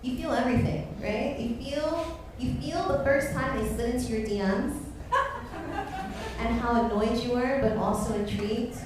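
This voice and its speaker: A woman's voice: a little high, moderate pace, far from the mic, music in the background. Giggly woman hosting in an echoey club. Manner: giggly, loose and bawdy. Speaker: comedy show host. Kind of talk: stand-up hosting. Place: comedy club stage.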